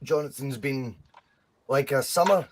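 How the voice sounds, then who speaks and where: A Scottish man co-hosting a casual football podcast, talking in an animated, rambling way and swearing freely. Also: medium pitch, measured pace. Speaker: podcast co-host.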